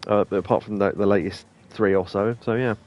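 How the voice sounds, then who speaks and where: A man's voice: on the low side, fairly even intonation, fairly quick, a little mellow, highs cut off. A man hosting a let's play, talking casually and rambling with plenty of ums and asides. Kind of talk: casual gameplay commentary.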